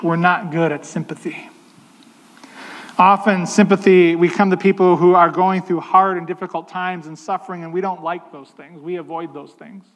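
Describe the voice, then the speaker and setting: Man, pastor, sermon, high voice, conversational, slows for emphasis, reverberant hall.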